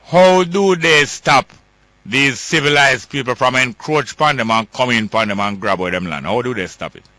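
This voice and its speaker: A man with a Jamaican accent hosting a call-in radio talk show, firm and quick to cut callers off. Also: mid-range voice, pushed and bright, dry recording.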